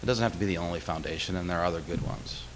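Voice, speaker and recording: A state official with a deep voice gives a chapel talk to a college audience from a lectern, telling stories conversationally with plenty of uhs and self-deprecating humor, and racing along. His voice rings through a long hall reverb, with a faint hum underneath.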